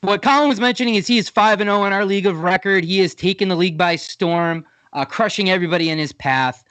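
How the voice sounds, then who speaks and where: A man's voice: high voice, fast talker, fairly bright tone, no room sound. Upbeat man, dry close sound. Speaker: co-host and meteorologist. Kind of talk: casual podcast chat. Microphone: video call.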